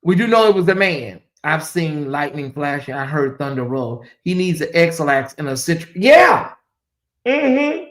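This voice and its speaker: A woman host talking on her own commentary stream in a loose, casual way. She drops into low murmurs, then rises into loud, emphatic outbursts. She repeats herself often, as if thinking out loud to her viewers. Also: normal speed, few pauses. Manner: animated, repeats questions, swings from muttering to exclaiming.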